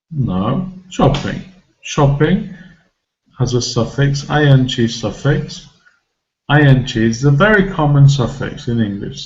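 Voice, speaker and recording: A man teaching English pronunciation to a class, explaining slowly and patiently, repeating example words and asking the learners questions. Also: mid-range voice, darkish tone, highs cut off.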